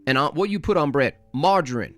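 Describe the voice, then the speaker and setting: A man's voice: on the high side, animated, brisk, a bit bright, soft background music. A man mockingly imitating a young man who talks in exaggerated street slang. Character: young man mocked as a wannabe tough guy.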